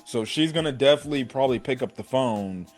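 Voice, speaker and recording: A young man excitedly recapping an anime episode in a rambling, casual way, full of "bro" and "right?". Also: medium pitch, quick pace, soft background music. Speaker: anime reviewer.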